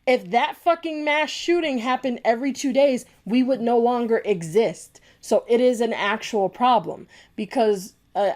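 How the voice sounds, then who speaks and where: A woman's voice: on the high side, a little mellow. A young woman ranting angrily to camera in a vlog. She is blunt and heated, and she swears freely as she argues her point. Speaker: vlogger. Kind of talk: angry opinion rant.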